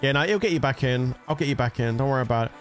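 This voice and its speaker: A man streaming a mobile strategy game, chatting casually and excitably with his viewers and swearing freely. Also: mid-range voice, very fast, faint music behind. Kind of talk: casual live-stream commentary.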